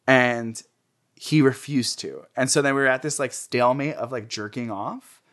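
A man's voice: mid-range voice, moderate pace, a bit bright. A young man being interviewed, telling candid personal stories in a chatty way, with many fillers and frequent laughter.

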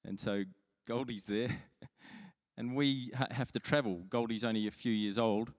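A pastor with a steady, mid-range voice preaches a sermon at a measured pace, captured with long hall reverb. He tells stories in a chatty, self-deprecating way and frequently restarts his sentences.

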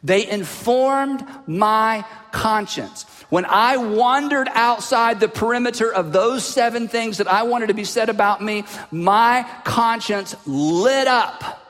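Taking his time, a man preaching as a pastor brings lively energy to a personal anecdote, sinking his voice for side remarks, all wrapped in long hall reverb.

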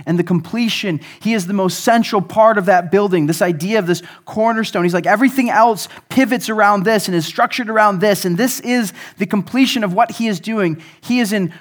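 High-voiced man preaching casually. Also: a little fast, hardly any pauses. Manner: conversational, animated, acts out quotes. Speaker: pastor. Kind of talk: sermon.

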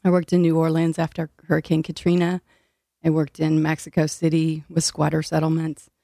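This older woman from Illinois, a city food policy director, talks a little fast in a low, dark, monotone voice. As an interview guest she's earnest and quick to laugh, with frequent fillers and slight breathlessness, captured in clean studio sound without echo.

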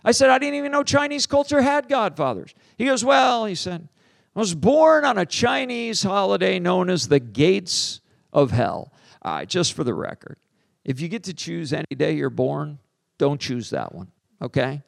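A middle-aged man, a pastor, preaching by telling a story, acting out the dialogue with jumps in pitch and loudness. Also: sing-song, normal speed, vocal fry, dry recording. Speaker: pastor and teacher on deliverance. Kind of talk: storytelling sermon.

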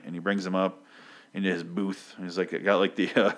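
A man's voice: fairly low pitch, fast. A man casually recapping a comic book, sarcastic, rambling and swearing freely.

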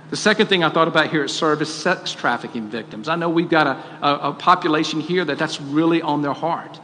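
A man's voice: fairly high pitch, fairly bright tone, a little hiss or hum. A man preaching a sermon, earnest and questioning, rising to emphatic peaks. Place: church auditorium. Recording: long hall reverb, faint ambience.

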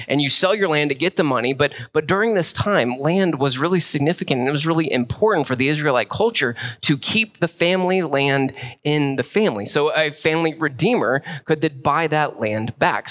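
A young male pastor explains scripture in a loose, chatty way, sprinkling his sentences with "like." His voice sits a bit high for a man, and he talks as if chatting with friends. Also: brisk, a bit bright. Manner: casual, conversational, many "like"s. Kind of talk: sermon.

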